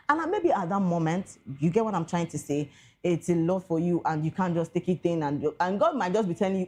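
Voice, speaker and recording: A young Nigerian woman with a Nigerian accent hosting casual celebrity gossip commentary, excitable, mixing pidgin with English, with big swings in pitch and loudness. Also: fairly quick, breathy edge. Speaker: entertainment news host.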